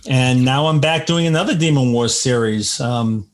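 Man, author, casual chat, mid-pitched voice, animated anecdotes with quoted voices. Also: moderate pace, noisy background. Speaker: author guest. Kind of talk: casual storytelling conversation.

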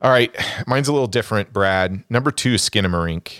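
A man's voice: lowish voice, lively intonation, a little fast, fairly bright tone, dry recording, clean studio sound. A man co-hosting a casual movie podcast, bluntly ranking and trashing films he disliked. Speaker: podcast co-host.

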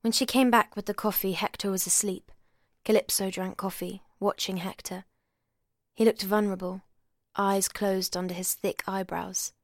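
A woman reads a novel aloud in a measured, soft narrating voice of middling pitch. The recording is close and dry, with no room echo. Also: fairly even intonation. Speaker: audiobook reader.

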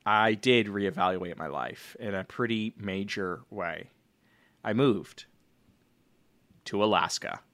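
A man playing a lonely, divorced former executive reading out an awkward, rambling letter in a deadpan way, in an improvised comedy sketch. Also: fairly low pitch, slow pace, long pauses, no room sound.

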